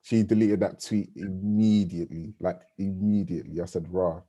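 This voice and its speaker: Deep mellow-voiced podcast co-host. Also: male voice, steady tone, moderate pace. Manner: laid-back slangy banter. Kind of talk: casual chat.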